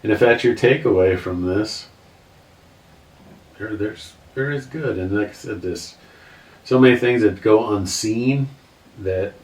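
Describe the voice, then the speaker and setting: A man in his fifties with a very low voice tells his story earnestly, circling back and restarting his thoughts. He sounds set back from the mic in a roomy space with a faint hiss behind him. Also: unhurried, pauses often, far from the mic. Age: 50s. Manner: earnest, rambling, restarts sentences. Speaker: guest. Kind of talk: emotional personal story.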